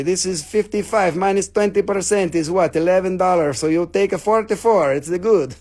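Guy with a pretty high voice doing a goofy rambling live sales pitch, cracks jokes, repeats stuff. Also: fairly quick, a little mellow. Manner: playful, rambling, joking, repeats himself. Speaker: host selling rocks and crystals on a live stream.

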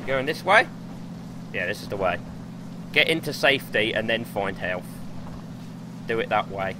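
A young man streaming gameplay live, excitable and swearing as he talks himself through the match. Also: lowish voice, normal speed, background noise. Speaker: gaming streamer.

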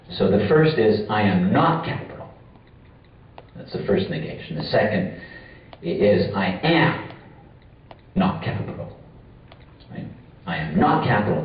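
Man lecturing in an echoey hall. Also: on the low side. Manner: measured, repeats key phrases for emphasis. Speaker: conference speaker. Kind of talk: academic lecture. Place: conference room. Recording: far-off echoey lo-fi hall recording.

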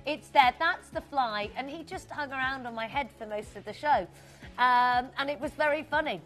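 Chatty lady hosting a shopping channel, high bright voice, soft music underneath. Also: moderate pace. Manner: chatty, bubbly, reads out viewer names. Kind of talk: live TV shopping chat. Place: TV studio.

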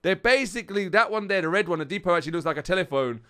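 Chatty high-voiced British man. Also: racing, clear, resonant tone. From United Kingdom. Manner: chatty and excitable, talks straight to viewers as "guys". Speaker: gaming channel host. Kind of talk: casual gameplay commentary.

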